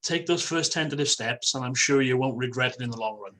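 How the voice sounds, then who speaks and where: Plain-talking guy on a video call panel, brisk. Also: medium pitch, fairly bright tone, slight background noise. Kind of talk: panel remarks.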